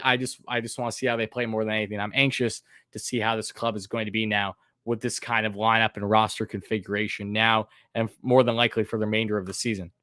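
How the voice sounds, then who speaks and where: Even-voiced man hosting a live sports stream. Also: medium pitch, dry recording, clean studio sound. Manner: says his own voice sounds monotone; casual, many fillers, reads chat names aloud.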